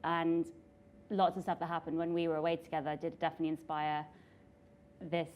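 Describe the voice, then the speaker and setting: A woman with a low voice tells stories in casual chat at a live podcast show. She gets animated, laughs easily and apologizes a lot. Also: a little fast, slight background noise. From England. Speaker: podcast co-host and novelist. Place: theatre stage before a live audience.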